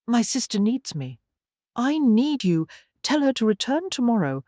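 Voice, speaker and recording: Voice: medium pitch, sing-song, a little slow, dark tone, no echo, studio quality, pitched above the performer's own voice. The audiobook narrator voicing a demanding, indignant society woman in a historical romance. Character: cold flirtatious society woman. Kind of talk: audiobook character voice.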